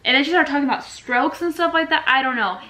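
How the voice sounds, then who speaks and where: A young woman casually telling a story on her vlog with her partner, chatty and animated, acting out what people said. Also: high-pitched, fast talker, poor audio. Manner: animated, chatty, acts out quotes.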